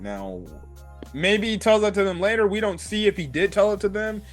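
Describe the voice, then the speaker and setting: A young man giving a casual, excitable anime review, laughing and using slang as he retells scenes. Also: high voice, normal speed, soft background music.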